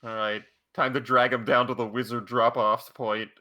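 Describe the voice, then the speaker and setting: A man playing in a tabletop game, joking and laughing as he goes. His voice has a bright, sharp edge. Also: mid-range voice, level tone, normal speed. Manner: jokey, laughs often. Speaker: player. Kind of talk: casual tabletop role-play.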